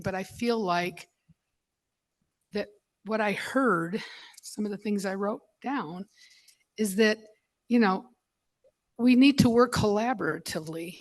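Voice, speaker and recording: Emotional, halting woman at a meeting. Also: medium pitch. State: choked up. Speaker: school board member. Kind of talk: public meeting remarks. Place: board meeting room.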